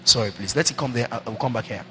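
A middle-aged man, a pastor, preaching a sermon into a handheld mic, repeating himself and breaking into lively asides. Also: mid-range voice, racing, slight background noise. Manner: preaching, repetitive, animated asides. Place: church hall. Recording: reverberant hall with faint ambience.

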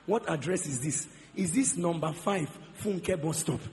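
Lost spirit of depression, as a preacher puts it on. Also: male voice, a little high, unhurried, darkish tone, big-room sound, lightly acted. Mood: bewildered. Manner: bewildered questioning. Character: puzzled male spirit of depression.

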